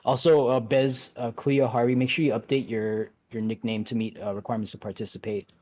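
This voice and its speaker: A man leading an online game raid, giving relaxed instructions with many fillers and restarts. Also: medium pitch, fairly quick. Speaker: raid leader. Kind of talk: casual instructions over voice chat.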